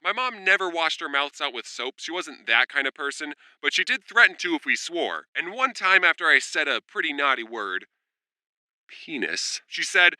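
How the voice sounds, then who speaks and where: A man in his twenties telling funny childhood stories in a sarcastic storytime monologue, with deadpan asides and quick jumps into character voices. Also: fairly high pitch, no room sound, low-quality recording. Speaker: storytime vlogger.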